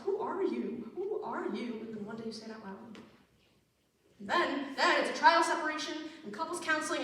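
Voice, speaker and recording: A woman's voice: sits high, bright, forceful tone. A woman playing a wistful, middle-aged male musical fan who talks straight to the audience, confiding and rambling, recorded from far off in an echoey theater. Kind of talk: stage monologue.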